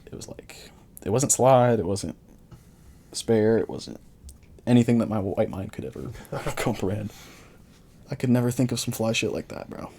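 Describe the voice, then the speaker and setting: A man's voice: medium pitch, moderate pace, pauses often, mellow, husky. A young man in casual podcast chat, telling rambling stories full of slang. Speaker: podcast co-host.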